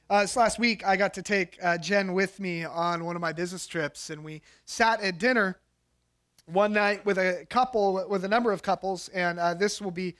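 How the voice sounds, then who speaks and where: A middle-aged man, a pastor, giving a sermon in a conversational storytelling way, growing animated as he tells a personal story. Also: high voice. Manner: conversational storytelling, animated when telling anecdotes.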